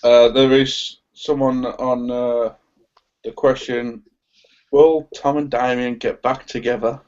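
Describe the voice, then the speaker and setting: A man's voice: medium pitch, flat delivery, takes it slowly, darkish tone. A man with a West Midlands accent, reading out viewer questions in a casual live chat with a joking, cheeky manner. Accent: West Midlands English. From West Midlands, England. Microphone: video call. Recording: dull lo-fi online call audio.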